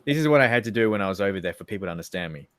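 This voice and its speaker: Profane Australian man, low voice. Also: rapid-fire, smooth, no room sound, studio quality. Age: 30s. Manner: animated, profane, rambling. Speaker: livestream co-host. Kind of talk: casual chat.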